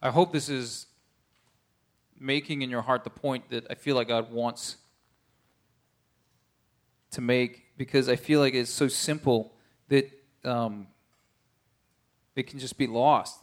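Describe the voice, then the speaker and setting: A man's voice: mid-range voice, fairly even intonation, takes it slowly, pauses often. A man preaching a conversational sermon, earnest, often checking in with his listeners.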